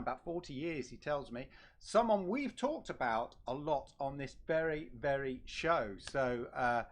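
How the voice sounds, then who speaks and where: A man hosting a casual live stream, talking in a teasing, halting way with frequent fillers and repeats. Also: on the high side. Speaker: host.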